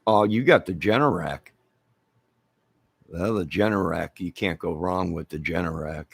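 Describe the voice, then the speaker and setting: Slow, low-voiced rambling man. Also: vocal fry, slightly rough, no room sound. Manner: rambling, joking, drawling. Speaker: livestream host. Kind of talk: casual chat with live viewers.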